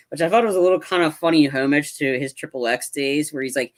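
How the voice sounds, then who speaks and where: A man's voice: a little high, brisk, hardly any pauses. A man co-hosting a podcast, chatting casually about a film, rambling with many restarts and acting out lines from scenes. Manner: rambling, acts out film lines in animated bursts. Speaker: podcast co-host. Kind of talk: casual movie review chat.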